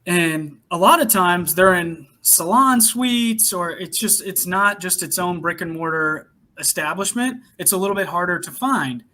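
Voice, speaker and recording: A man's voice: high voice, lively intonation, unhurried, hardly any pauses, sharp tone. A young man co-hosting a podcast, chatting casually and laughing as he tells a story about his sales job. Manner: chatty, laughs while telling a work story. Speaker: podcast co-host. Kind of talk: casual chat.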